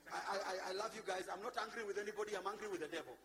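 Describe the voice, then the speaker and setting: A Kenyan man preaching as a bishop to his congregation, passionate, swinging from loud shouts to low asides. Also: racing, background noise. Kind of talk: sermon. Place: church before a congregation.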